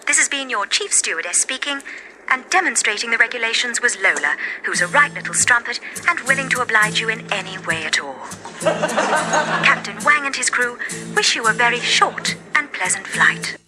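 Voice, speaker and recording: A woman's voice: fairly high pitch, expressive, normal speed, music in the background. A woman playing a chief stewardess in a comedy sketch, giving a mock safety announcement in a prim, formal manner. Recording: noisy old album recording with audience laughter.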